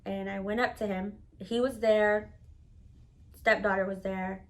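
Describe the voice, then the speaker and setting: A woman's voice: mid-range voice, measured pace, rough recording. Blunt, profane woman telling a story. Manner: animated, dramatic storyteller. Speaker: storytelling vlogger. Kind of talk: casual storytime monologue.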